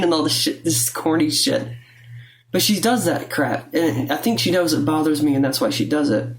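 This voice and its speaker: With a voice that sits low and a fairly quick pace, a young adult woman vlogs indoors at home, rambling and profane, speaking bluntly and confessionally to camera while her throat rattles with phlegm.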